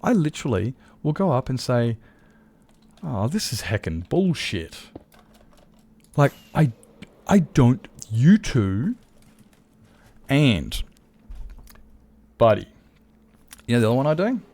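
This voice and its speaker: A man's voice: mid-range voice, very animated, unhurried, pauses often, mellow. A man chatting casually to viewers while streaming a game, rambling, swearing freely and correcting himself mid-sentence. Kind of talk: casual live-stream chat.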